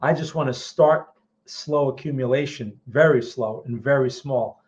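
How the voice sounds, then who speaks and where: Guy talking markets on a livestream, middle pitch, a bit muffled, chatty, keeps saying okay. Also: normal speed, a little mellow. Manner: chatty, with frequent "all right" and "okay" check-ins; answers viewer questions while looking at charts. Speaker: trading livestream host. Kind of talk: casual market commentary.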